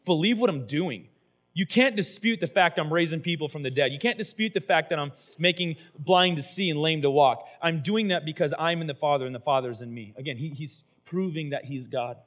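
A male pastor delivers a sermon in a relaxed, conversational way. He tells scripture stories with animated energy and acts out the people in them. His voice sits slightly high for a man. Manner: casual, animated storytelling with playful voiced asides.

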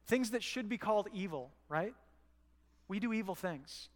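A man's voice: sits high, lively intonation, normal speed. A male pastor preaching a sermon in a church, conversational and often checking in with the room. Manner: conversational, asks the room "right?". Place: church sanctuary. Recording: church hall with long reverb.

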